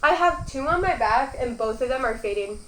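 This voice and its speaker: A woman's voice: high voice, animated, brisk. Chatty young woman, roomy sound. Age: young adult. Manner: chatty, rambling, lots of "like" and "um". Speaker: mukbang host. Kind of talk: casual eating vlog chat. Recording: roomy echo, faint background noise.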